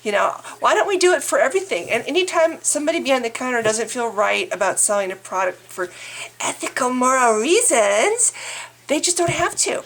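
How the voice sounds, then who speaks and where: A woman's voice: fairly high pitch, very animated, a little fast, fairly bright tone. A woman vlogger delivering an angry, exasperated political rant, swearing and stumbling over restarts.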